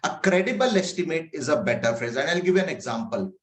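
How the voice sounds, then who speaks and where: Male agile coach from India, conversational trainer with a higher voice, echoey call audio. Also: lively intonation, fast. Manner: conversational, many fillers, rhetorical questions. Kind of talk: online training session. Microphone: video call.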